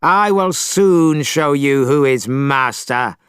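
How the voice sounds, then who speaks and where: A man voicing a brash, hot-tempered male monkey hero in a storybook reading, shouting and scolding. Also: mid-range voice, animated, slow, clear, resonant tone, dry recording, studio quality.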